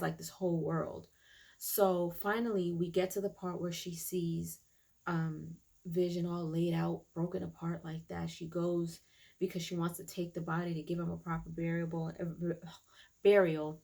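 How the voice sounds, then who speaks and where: Woman vlogger, low and gravelly, chatty recap full of fillers. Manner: chatty, many fillers and restarts. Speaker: YouTube TV reviewer. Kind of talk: casual episode recap.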